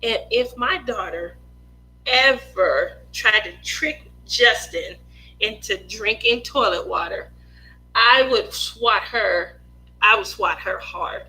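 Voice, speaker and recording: A woman, a mother of two, hosting a craft livestream and telling a family story in a lively, laughing way, often acting out other people's lines. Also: medium pitch, slow, low-quality recording. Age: adult mother of two.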